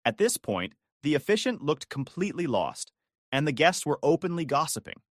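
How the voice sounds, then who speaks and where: A man narrating a first-person drama story with a gossipy relish. His pitch moves a lot across phrases. The recording is close and dry. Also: sing-song, normal speed, no echo.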